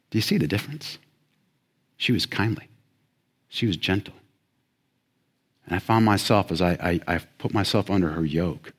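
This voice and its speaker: A man preaching a sermon as pastor, swinging between loud emphatic passages and hushed ones. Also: on the low side, lively intonation, fast.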